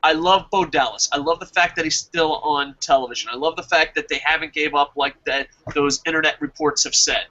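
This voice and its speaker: On a casual wrestling podcast, a male co-host rants in a profane, animated way with plenty of swearing. His voice is a little high and he talks a little fast with few pauses, and the audio is dull and lo-fi.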